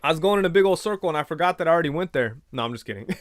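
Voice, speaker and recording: Male livestream host, fairly high, smooth and dry-sounding, loose rambling chat. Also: animated, rapid-fire, no echo. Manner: rambling storyteller, retells conversations in quoted voices. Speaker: livestream host reading viewer comments. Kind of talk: casual chat.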